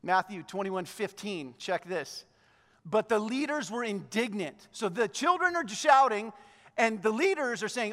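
High-voiced man preaching in a hall. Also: a little slow. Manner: animated, acts out the Bible figures' lines; hushed, low voice in prayer. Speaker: pastor. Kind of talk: sermon.

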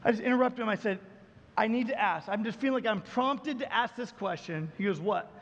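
A man, a pastor, preaching a sermon and telling a story, acting out the dialogue and dropping his voice low and soft for emphasis. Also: a little fast, big-room sound, lo-fi sound.

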